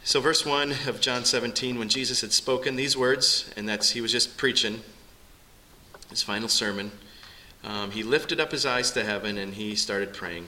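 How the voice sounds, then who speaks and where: A man's voice: mid-range voice, moderate pace, sharp tone, a little hiss or hum, low-quality recording. A man preaching a sermon to his congregation in an earnest, conversational way. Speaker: pastor.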